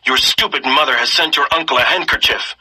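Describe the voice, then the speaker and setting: A man's voice: mid-range voice, brisk, bright, forceful tone, husky, poor audio. A man reading as a scornful, harsh soldier. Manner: contemptuous, barking.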